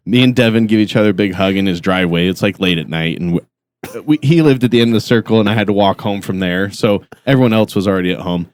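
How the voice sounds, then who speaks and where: A man's voice: lowish voice, quick pace. A man from Utah with kids, telling an embarrassing story in a casual podcast chat, laughing and self-deprecating. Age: adult with kids. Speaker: podcast co-host.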